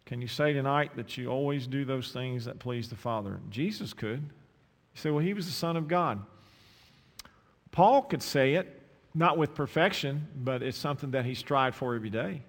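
Man, sermon, emphatic, mid pitch, long church reverb. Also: a little fast, hardly any pauses. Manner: emphatic, swings from loud questions to low intimate asides. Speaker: preacher.

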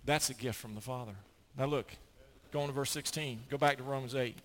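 An older man preaching a sermon, emphatic, often repeating words as he gets excited. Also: medium pitch, brisk.

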